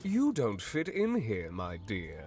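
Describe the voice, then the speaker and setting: Game NPC: a smooth, sinister host, lively swooping delivery over faint music. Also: male voice, fairly low pitch, slow pace, exaggerated voice. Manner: smooth, teasing, ominous. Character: sly male party host trapping guests. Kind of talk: video game voice acting.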